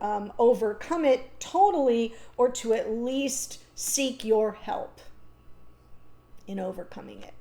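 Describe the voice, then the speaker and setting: A woman with a fairly high, mellow, warm voice works through a tarot spread. She talks in an unscripted, reassuring way and pauses to think aloud with ums and restarts. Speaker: tarot reader. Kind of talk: unscripted tarot reading monologue.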